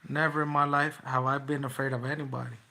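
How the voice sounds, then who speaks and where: A man's voice: mid-range voice, little pitch movement, fast talker, creaky, sharp tone. A young man, a boxer, taunting his livestream chat in slangy, repetitive trash talk.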